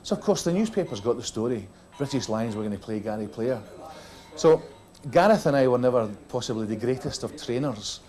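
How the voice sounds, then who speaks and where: A man's voice: medium pitch, lively intonation, fairly quick, dark tone. A middle-aged man with a Scottish accent telling a comic story from a rugby tour, acting out the other voices as he goes. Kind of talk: comic after-dinner storytelling.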